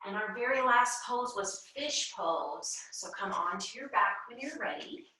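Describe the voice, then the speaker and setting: A young woman leading a children's yoga class, giving gentle, encouraging, sing-song instructions. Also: fairly high pitch, expressive, a little slow, very echoey, distant mic, low-quality recording. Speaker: kids' yoga teacher.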